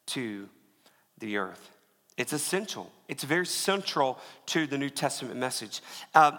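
A man preaches in a loose, conversational way, restarting phrases and sinking to a near hush on key lines. His voice is bright and forceful, pitched a little high. It rings with the long reverb of a large church hall. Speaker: pastor. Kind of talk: sermon.

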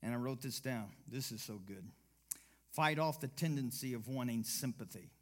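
A male pastor preaching a sermon, swinging from low, quiet asides to loud exclamations and mimicking whiny voices when he quotes people. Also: moderate pace.

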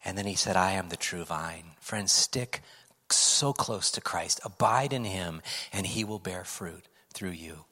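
A middle-aged man preaching a sermon as pastor, swinging from loud emphatic lines down to hushed whispers. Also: sits low, expressive, unhurried. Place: church sanctuary. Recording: preaching in a hall with long reverb.

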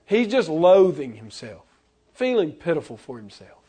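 A married man preaching a sermon, animated and acting out the voices he quotes. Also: on the high side, normal speed, husky. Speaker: pastor.

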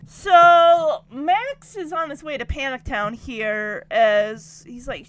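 A woman's voice: high voice, slow pace, few pauses, a bit bright, slight background noise. A woman giving a chatty, giggly recap of a TV episode, quoting the characters as she goes. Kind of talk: casual recap commentary.

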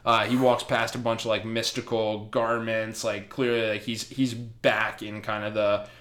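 A man's voice: fairly low pitch, little pitch movement, a little slow, a bit bright. A man hosting a casual comics podcast, rambling and laughing as he retells a story. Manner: giggly, rambling, lots of "like". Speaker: podcast host.

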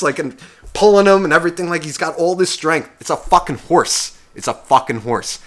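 A man's voice: on the high side, normal speed, a bit bright. A young man co-hosting a podcast, telling a long story in a heated, swearing casual rant. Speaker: podcast co-host.

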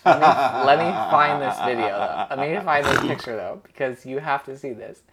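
Animated young man telling a story. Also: mid-range voice, normal speed, a loud crowd. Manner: animated storyteller, heavy filler "like", acts out quotes. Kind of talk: casual chat.

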